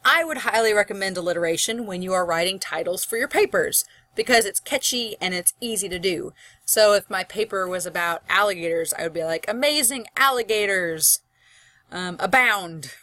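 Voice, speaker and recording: A young woman teaching a college English class in a recorded lecture, chatty and rambling with animated asides. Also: lowish voice, brisk.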